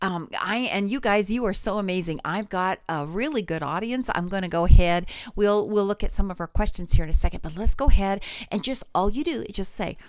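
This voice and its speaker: A woman's voice: medium pitch, fairly quick, few pauses, no room sound, clean studio sound. A middle-aged woman teaching a live online singing lesson, encouraging her viewers and demonstrating vocal exercises. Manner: demonstrates vocal exercises, sings and slides between notes; encouraging, addresses viewers directly.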